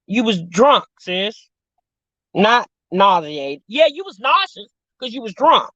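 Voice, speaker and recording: A woman's voice: mid-range voice, very animated, takes it slowly, sharp tone, no echo. A woman hosting a casual chat stream, sassy and talkative. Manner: chatty, sassy, addresses viewers as sis and y'all. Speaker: show host reacting to reality TV. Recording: dull lo-fi dry sound.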